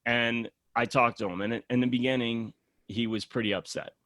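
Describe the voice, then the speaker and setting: A man in a casual podcast chat, telling a long story and playing out every back-and-forth in lively quoted voices. His voice sits at a middle pitch and sounds close and dry, with no room around it. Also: moderate pace, dry recording. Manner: animated storyteller acting out dialogue. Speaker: podcast guest.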